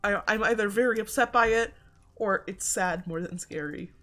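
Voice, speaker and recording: Game streamer, casual chat, rambling, filler-heavy, self-deprecating, mid pitch, desk mic at home. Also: normal speed, pushed and bright, soft background music. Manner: rambling, many filler likes.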